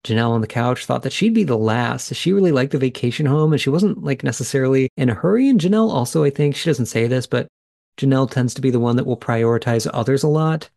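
A man's voice: medium pitch, lively intonation, fast talker, creaky, warm tone, no room sound, studio quality. A man hosting a podcast, recapping episodes in a chatty way and thinking aloud as he goes. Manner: chatty, thinks aloud, reacts in real time. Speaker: podcast host. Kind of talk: casual recap commentary.

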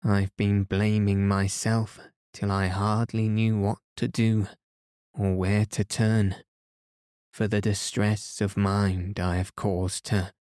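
A man reading the part of a remorseful elderly father who talks softly and slowly, pleading as he speaks. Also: on the low side, little pitch movement, no room sound, studio quality.

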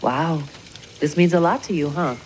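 An actress playing a brisk mother who gently teases her teenage son about chores, in a scripted audio drama. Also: low-pitched, a little hiss or hum, close to an everyday voice. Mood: teasing.

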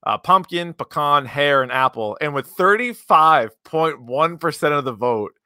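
A man's voice: fairly high pitch, expressive, unhurried, pushed and bright, no echo, studio quality. A man co-hosting a podcast, telling loose joking stories in casual chat. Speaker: podcast co-host.

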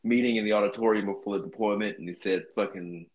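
A man's voice: lowish voice, fairly even intonation, fast. A man and fellow army veteran in casual chat, bantering bluntly and swearing often.

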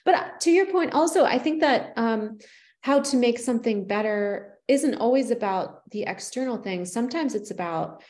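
A woman's voice: on the high side, expressive, normal speed, a little mellow. A woman podcast host and artist, chatting casually and affirming her guest with enthusiasm. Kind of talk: casual conversational interview.

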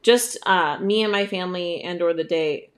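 Relaxed woman co-host, chatting casually. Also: lowish voice, normal speed. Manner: relaxed, reads listener messages aloud. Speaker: podcast co-host, stepmom. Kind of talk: casual chat.

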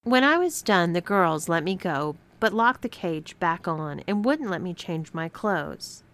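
A woman reading a scripted first-person story aloud as narrator, with expressive storytelling. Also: on the low side, a little slow.

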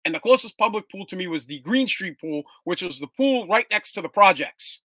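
A man's voice: sits high, fairly quick, no room sound. A middle-aged man from Massachusetts telling casual, profane, rambling stories as a podcast host. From Woburn, Massachusetts, US. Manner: rambling, animated, swears freely, restarts often.

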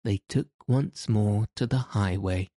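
A male narrator reading a classic adventure tale with slow, deliberate pacing. His voice sits low and mellow, and the recording is dry and close with no room sound. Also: dry recording. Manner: measured, even storytelling. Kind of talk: audiobook narration of an old tale.

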